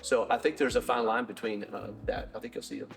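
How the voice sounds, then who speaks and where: A middle-aged man talks shop in an interview, his voice sitting at an ordinary pitch. He wanders through his answers with plenty of restarts and "uh"s. Soft music plays faintly underneath. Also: fairly even intonation, vocal fry. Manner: rambling, halting with many restarts and fillers. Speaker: bike shop owner.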